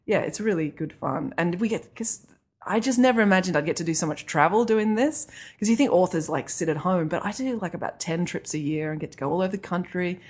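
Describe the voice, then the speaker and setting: Casting: woman, children's author being interviewed, chatty and quick to laugh. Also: lowish voice, darkish tone, breathy edge. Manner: chatty, laughs often, self-deprecating. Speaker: children's author and comedy writer. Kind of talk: interview conversation.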